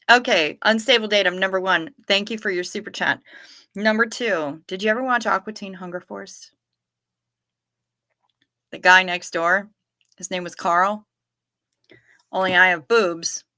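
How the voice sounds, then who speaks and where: A woman chats to her livestream viewers in an unhurried, drawn-out way. Her voice is bright and a little sharp, and the sound is dry and close. She jokes, swears and circles back through her stories as she reads comments aloud. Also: lowish voice, clean tone, no room sound. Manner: jokey and profane, musing aloud with restarts. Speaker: livestream host reading viewer chat. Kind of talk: casual chat.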